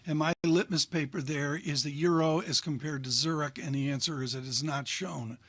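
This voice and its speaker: Male co-anchor, higher pitch, rambling and wry, dry studio sound. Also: fairly even intonation, moderate pace, fairly bright tone, dry recording. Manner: rambling, wry, jokey asides. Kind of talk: financial news banter. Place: broadcast studio.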